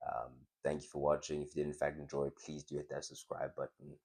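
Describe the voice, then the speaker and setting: Man, very deep voice, reflective motivational vlog talk, halting with restarts. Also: monotone, vocal fry, darkish tone, husky. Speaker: video host. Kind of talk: casual motivational talk to camera.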